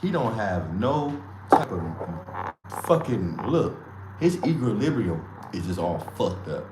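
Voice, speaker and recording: A man's voice: fairly low pitch, very animated, a little slow, background noise. A man hosting a livestream, talking loosely in slang and trash-talking with frequent laughs. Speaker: livestream host. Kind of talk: casual livestream commentary. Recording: echoey room with faint ambience.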